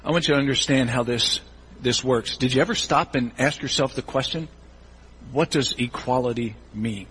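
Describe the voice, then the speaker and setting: A male pastor giving a sermon in a church, animated and acting out the voices of churchgoers in quick asides. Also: mid-range voice, a little hiss or hum, poor audio.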